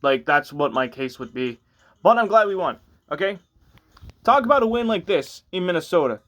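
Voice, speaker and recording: A man's voice: sits high, big pitch swings, moderate pace, a bit bright. A tired man giving a casual, rambling sports recap, sounding exasperated and often restarting his sentences. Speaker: sports fan vlogger.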